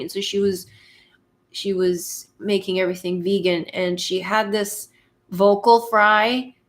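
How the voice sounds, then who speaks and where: A Canadian woman hosts a live chat and talks in a relaxed, unhurried way, taking her time between thoughts. Her voice sits at a middle pitch, and she fills pauses with ums as she answers viewer comments. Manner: unhurried and conversational, with frequent ums and light laughs.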